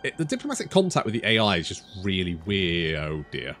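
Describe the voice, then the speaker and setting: A man's voice: deep voice, wildly swooping pitch, fairly quick, fairly bright tone, faint music behind. Casual man narrating a strategy game. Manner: casual, thinks aloud, swears, self-correcting. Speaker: gaming YouTuber. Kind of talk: strategy game let's play commentary.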